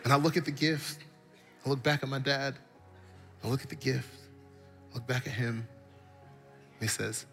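A man's voice: medium pitch, fairly even intonation, normal speed, vocal fry, pauses often, fairly bright tone, soft background music. A man preaching a sermon, telling stories with animation and building his points through repetition. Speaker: pastor.

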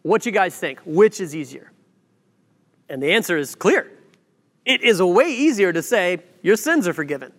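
A man preaching a sermon, telling a story with lively acted-out quotes and asides. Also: sits high, normal speed. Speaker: pastor. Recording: long hall reverb.

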